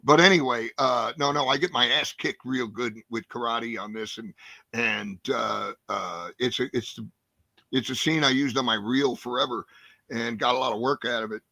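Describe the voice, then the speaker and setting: A man in his sixties, a guest actor telling animated, profane stories in a casual interview. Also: medium pitch, normal speed, creaky, no room sound. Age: 60s. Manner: animated, profane, acts out scenes.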